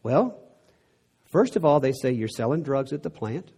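A man's voice: mid-range voice, animated, fairly quick, warm tone, husky. A middle-aged man from Texas with a Texan accent, preaching a sermon in an earnest way that builds to emphatic peaks.

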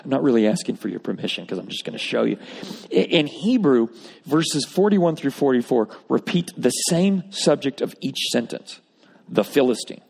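A man's voice: medium pitch, animated, normal speed, creaky, darkish tone, breathy edge. A man preaching a sermon, emphatic with wry asides, reading scripture aloud. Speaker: pastor. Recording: long reverb of a large hall.

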